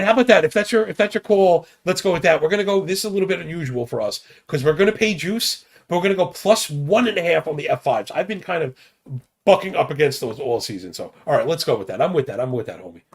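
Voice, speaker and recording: Male betting podcast host, casual and stat-heavy, a bit of fry in the voice. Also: a little high. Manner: rapid stat-heavy banter with slang.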